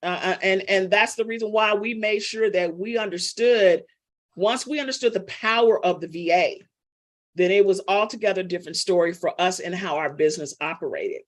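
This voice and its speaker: A woman's voice: medium pitch, moderate pace. Woman, middle-aged, business coach, casual, teasing, talks to students directly. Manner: chatty, teasing, calls on students by name. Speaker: business coach teaching a live class. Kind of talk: casual live online class.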